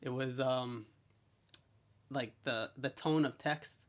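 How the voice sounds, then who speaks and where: A man's voice: medium pitch, fairly even intonation, slow. A man hosting a podcast in a studio, chatting casually and telling long rambling stories with a sarcastic edge. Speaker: podcast host. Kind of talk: casual chat.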